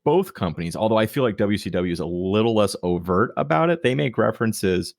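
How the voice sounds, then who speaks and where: A man's voice: fairly low pitch, lively intonation, brisk, vocal fry, no echo, studio quality. A man co-hosting a podcast in casual chat, wryly recapping matches. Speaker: podcast co-host.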